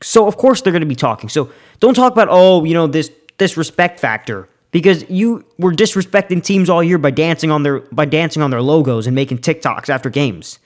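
A young man with a slightly higher-than-average voice delivers a heated, opinionated football rant. He talks fast and loose, repeating himself and restarting his sentences as he gets worked up. The delivery is casual podcast talk, not scripted. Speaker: sports podcast host.

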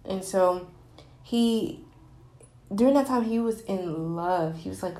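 Young woman, candid rambling storyteller, medium pitch, roomy echo. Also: steady tone, a little slow, dark tone. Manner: candid, rambling, many fillers and restarts. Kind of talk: personal storytelling.

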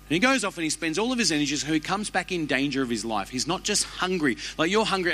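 A man, preaching a sermon as a pastor with animated, humorous storytelling. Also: on the high side, quick pace, hardly any pauses, husky.

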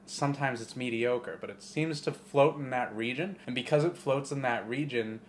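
A man co-hosting a podcast, telling movie stories in a profane, rambling, animated way. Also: medium pitch, moderate pace, a little hiss or hum. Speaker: podcast co-host. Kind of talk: casual chat.

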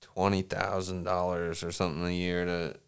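A man's voice: low-pitched, level tone, moderate pace, gravelly, slight background noise. A young man, a guest on a casual podcast, chatting with laid-back, dry quips.

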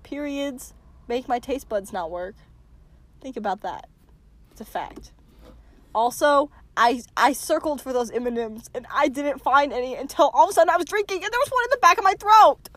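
Podcast co-host, woman, high-pitched, giggly, prone to loud indignant outbursts. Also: expressive, moderate pace. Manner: playful, giggly, loudly indignant. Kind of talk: casual mock argument.

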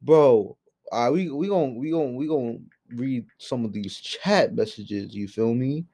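A man hosting his own solo podcast, ranting in a heated, profane and exasperated way, swinging from low mutters to loud outbursts. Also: lively intonation, unhurried. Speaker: podcast host.

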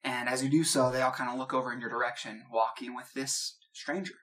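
A man's voice: mid-range voice, steady tone, fast talker, fairly bright tone. A man narrating a tabletop game as game master, describing scenes loosely with many fillers.

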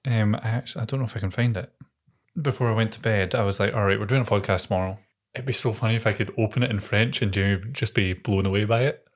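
A man's voice: on the low side, quick pace. A young man co-hosting a podcast, chatting casually and telling stories with a lot of laughter. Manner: chatty storyteller, laughs often. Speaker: podcast co-host. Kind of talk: casual chat.

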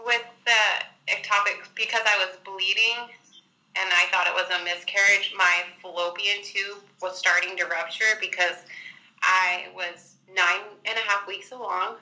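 Bright-voiced young woman telling her story. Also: mid-range voice, fairly even intonation, unhurried, poor audio. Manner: chatty, many "like" fillers, acts out quotes. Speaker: guest. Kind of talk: casual personal storytelling.

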